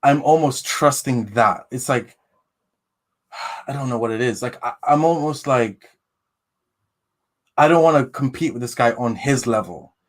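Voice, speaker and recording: A man's voice: medium pitch, unhurried, long pauses. A man as a podcast guest, talking in a hesitant, rambling way with many restarts. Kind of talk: casual chat.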